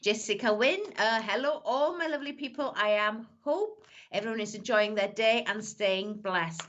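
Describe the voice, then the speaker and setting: A woman's voice: medium pitch, normal speed, a bit bright, highs cut off. A woman, a psychic medium chatting affectionately with viewers on a live stream. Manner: chatty, calls everyone "my lovely". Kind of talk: live-stream greetings and reading.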